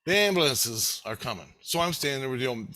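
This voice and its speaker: A man with a bright, sharp voice telling a story to camera. He rambles and swears freely, keeping the retelling lively and loose. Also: mid-range voice, fast. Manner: rambling, profane, animated retelling. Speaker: vlogger.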